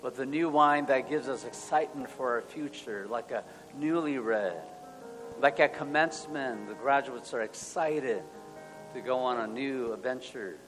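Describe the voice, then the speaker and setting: A male pastor leading an earnest spoken prayer, moving between hushed and loud passages. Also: mid-range voice, measured pace. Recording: long hall reverb, soft music.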